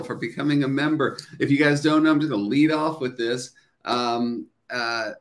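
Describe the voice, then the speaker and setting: A middle-aged man hosts a relaxed livestream, talking straight to his viewers in a chatty, upbeat way. He greets people and reads comments aloud, with lots of ums and uhs between thoughts. His voice sits at an ordinary male pitch. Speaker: livestream host. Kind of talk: casual livestream chat.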